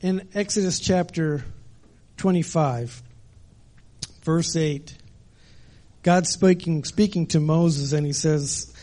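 Middle-aged preacher man, informal storyteller, slightly high voice. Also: slow, pauses often, mellow. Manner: conversational storytelling with frequent fillers. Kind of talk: sermon.

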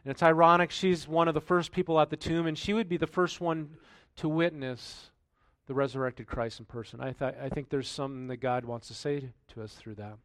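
A male pastor giving a sermon, reading scripture aloud and then commenting in a relaxed, conversational way with rhetorical questions. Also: fairly high pitch, a little fast, few pauses, no echo.

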